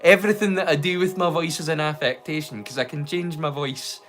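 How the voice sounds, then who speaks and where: Scottish guy on a live watch-along stream, kinda high voice, rambly and silly, bit of quiet music behind. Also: brisk, few pauses. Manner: playful and rambling, slipping into silly rhymes and jokes. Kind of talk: casual livestream chat.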